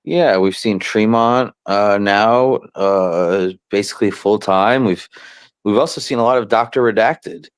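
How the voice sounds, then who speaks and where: A man with a very low voice talks through a casual podcast chat. He is relaxed and halting, full of fillers and restarts. The recording is dry and close. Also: smooth, dry recording. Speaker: wrestling promoter, show regular.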